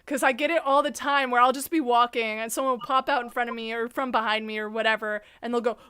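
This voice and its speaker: High-pitched woman host chatting, gets loud and animated doing other people's voices. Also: fast talker, clean tone. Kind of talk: casual chat about haunt work.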